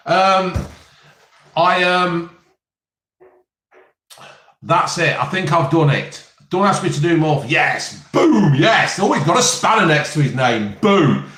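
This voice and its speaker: A man's voice: on the high side, expressive, takes it slowly, long pauses, bright, forceful tone, reverberant. Chatty man in his fifties. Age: 50s. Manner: chatty, jokey, reads viewer comments aloud. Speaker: live stream host. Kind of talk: casual live stream chat.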